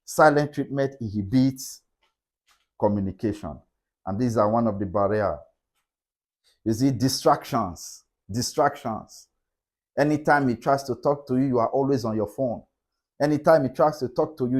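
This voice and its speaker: Speaking in a medium-pitched, somewhat mellow voice, a middle-aged man gives a motivational relationship talk. He keeps circling back to key points, emphatic and repetitive, with a preacher's cadence.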